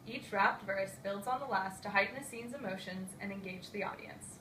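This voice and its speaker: A woman's voice: medium pitch, normal speed. A young woman student reading a prepared class presentation, with casual asides. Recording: roomy echo, distant mic, faint hiss.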